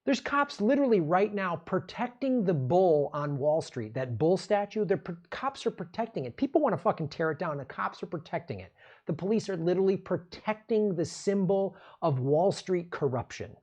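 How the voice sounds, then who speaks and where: A man's voice: high-pitched, big pitch swings, normal speed, darkish tone, dull audio. A man hosting a political commentary show, ranting in an angry, sarcastic and profane way.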